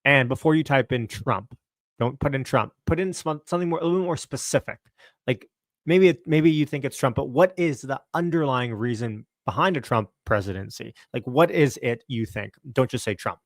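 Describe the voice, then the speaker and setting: A man from Canada hosting a casual stock market livestream at home, upbeat and chatty, greeting viewers by name and keeping his voice a little low. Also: animated, moderate pace, dry recording, clean studio sound. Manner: talking a bit lower and quieter to not wake the house. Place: home, early morning.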